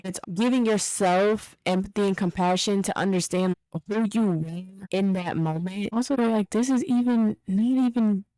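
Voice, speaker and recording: A woman in her thirties hosting a solo podcast, speaking softly and intimately, then in quicker conversational storytelling. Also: lowish voice, no echo, low-quality recording. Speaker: podcast host. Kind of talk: reflective solo podcast talk.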